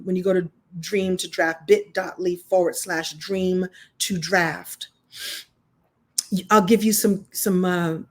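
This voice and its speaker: A woman's voice: lowish voice, a little mellow. A middle-aged woman teaching an online writing masterclass, telling stories expressively in a chatty style with frequent restarts. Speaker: writing coach.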